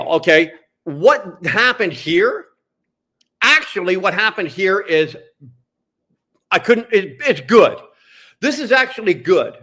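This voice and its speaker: Angry high-voiced man ranting. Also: pushed and bright, husky. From Canada. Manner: profane, heated, repetitive. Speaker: streamer. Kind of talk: angry livestream rant.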